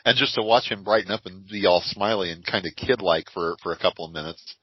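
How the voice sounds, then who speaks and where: A man's voice: deep voice, fast, breathy edge, no room sound. An older man co-hosting a podcast, chatting casually and telling stories with frequent laughs. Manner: lively storyteller with frequent laughs. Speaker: podcast co-host. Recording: dry, dull lo-fi audio.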